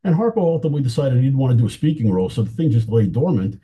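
A man's voice: medium pitch, big pitch swings, very fast, husky, lo-fi sound. A man talking casually as an interview guest, telling anecdotes with enthusiasm and chuckling now and then. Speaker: film historian guest.

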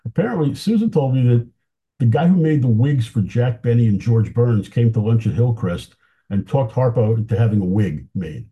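A man's voice: mid-range voice, lively intonation, normal speed, slightly rough, muffled recording. A man talking casually as an interview guest, telling anecdotes with enthusiasm and chuckling now and then. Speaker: film historian guest.

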